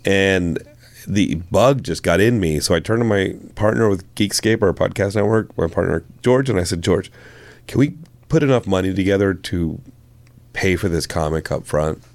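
A man with a fairly low voice chats as a podcast guest. He talks with eager, rambling enthusiasm about his work. The sound is dry and close, with no room around it. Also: moderate pace, a little mellow, dry recording. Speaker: comic book writer and filmmaker guest. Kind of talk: casual podcast interview.

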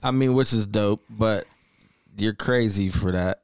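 A man's voice: fairly low pitch, unhurried, smooth, no echo, clean studio sound. A man chiming in during casual chat, laid-back and joking, with slangy remarks. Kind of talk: casual banter.

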